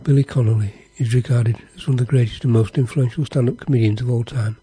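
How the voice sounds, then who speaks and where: Dark husky presenter reading an intro. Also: male voice, medium pitch, fast, no room sound. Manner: steady, formal reading. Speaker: radio presenter. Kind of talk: scripted introduction read aloud.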